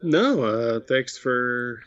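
A man co-hosting a casual movie podcast, with a mid-range voice. His manner is relaxed and he gives advice. The sound comes through a slightly dull home mic. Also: medium pitch, very slow. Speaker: podcast co-host.

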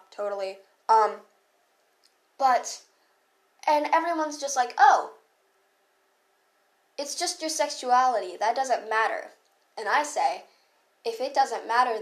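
A teenage girl hosts her own podcast with a fairly high voice. She talks at an unhurried pace but in a heated, profane rant. Her sentences are full of fillers and side comments. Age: teens. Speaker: podcast host. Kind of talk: casual ranting monologue.

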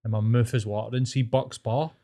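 Mellow-voiced Scottish man, eager and sweary. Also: mid-range voice, fairly even intonation, a little fast. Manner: enthusiastic, sweary banter. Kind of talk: casual chat.

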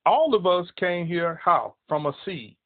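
A man's voice: high voice, animated, a little slow. A man preaching a broadcast sermon, emphatic and repetitive as he quotes scripture. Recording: tinny phone-line audio.

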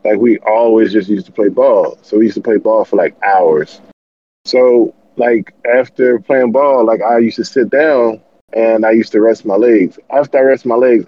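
A man's voice: fairly low pitch, no echo, muffled recording. A man co-hosting a podcast, chatting in a laid-back, profane way. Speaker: podcast co-host. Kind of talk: casual podcast banter.

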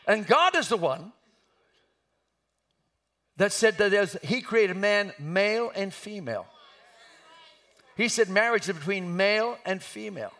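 A man preaching an impassioned sermon, building to shouts at the peaks of his points. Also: sits high.

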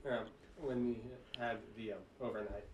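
A man's voice: mid-range voice, steady tone, a little mellow, highs cut off, a little hiss or hum. Man far from mic, describing his moves. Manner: deliberate, describes actions step by step. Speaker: player. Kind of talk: tabletop game chat. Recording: roomy, distant from mic.

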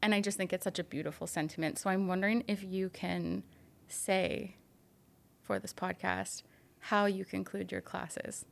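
A woman's voice: medium pitch, steady tone, normal speed, gravelly. Candid chatty woman podcast host. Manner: candid, chatty, many fillers. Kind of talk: casual podcast interview.

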